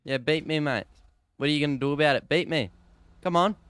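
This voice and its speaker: A man's voice: a little high, a little fast, fairly bright tone, clear, resonant tone, dry recording. A man with an Australian accent taunting other players over in-game voice chat, repeating "mate" as he goads them. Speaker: streamer provoking other players.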